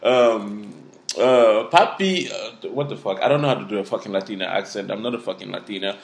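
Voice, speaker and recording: A man's voice: on the low side, very fast, creaky. A man from Africa giving a casual tarot reading to camera, blunt and profane as he scolds the viewer. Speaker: tarot reader. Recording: echoey room.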